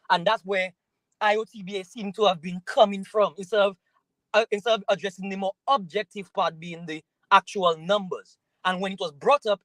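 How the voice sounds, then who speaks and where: A man calling into a podcast, laying out a measured argument before giving his verdict. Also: sits high, a bit bright, dry recording, rough recording. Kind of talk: casual call-in commentary.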